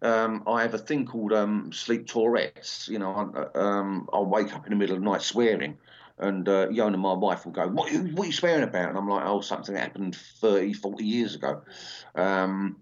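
The voice is fairly low and moderately paced: an English punk singer in his sixties in a casual interview chat. He rambles, restarting often and saying um a lot, and the lo-fi sound is slightly dull.

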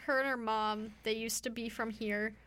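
A woman's voice: a little high, steady tone, moderate pace, fairly bright tone. A woman co-hosting a casual podcast, firing back playful comebacks and laughing easily. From Canada. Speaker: podcast co-host. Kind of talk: casual chat.

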